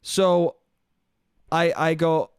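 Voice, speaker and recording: Young guy, solo comedy podcast host, high voice, swears a lot, dry close mic. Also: fairly even intonation, drawn-out words, clear, resonant tone, no echo. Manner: profane, exasperated ranting.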